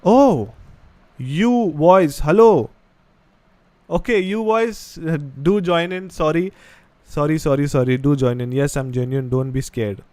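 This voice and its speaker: A man's voice: on the high side, unhurried, a little mellow, no echo. A young man from India with an Indian English accent, chatting casually on a live stream and reading viewer comments aloud. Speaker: podcast host.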